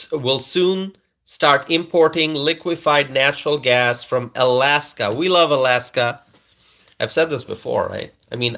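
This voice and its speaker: Slow, bright-voiced livestream host. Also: male voice, on the high side. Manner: slow, emphatic, repeats phrases and asks the audience questions. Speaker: livestream host reading viewer comments. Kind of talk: casual political livestream chat.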